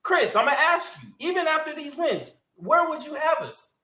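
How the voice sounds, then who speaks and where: A woman's voice: high voice, animated, normal speed, bright, forceful tone. A woman co-hosting a sports podcast, ranting in a heated, emphatic way and cussing freely. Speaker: podcast co-host. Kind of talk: casual sports podcast rant. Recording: echoey room.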